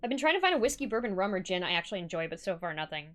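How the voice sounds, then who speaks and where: A woman's voice: mid-range voice, very animated, very fast, a bit bright. A woman streamer chatting casually and giggling with her viewers while reading a game aloud.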